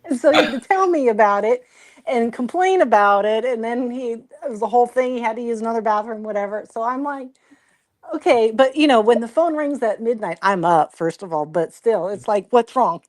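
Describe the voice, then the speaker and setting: A middle-aged woman holds forth on a casual home livestream, her voice set a little high. She tells animated stories, slips into voices for the people in them, laughs easily and swears without a second thought. The sound is dry and close, with no room around it. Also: fairly quick, no echo. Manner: animated storytelling, acts out family voices, laughs often; swears freely. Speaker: podcast co-host.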